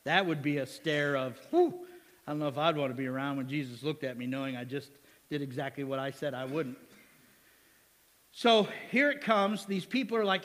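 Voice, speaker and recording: A man's voice: fairly high pitch, moderate pace, a bit bright, long reverb tail. A male pastor preaching a sermon in a church. He talks in a joking, conversational way and keeps asking the congregation questions. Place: church sanctuary.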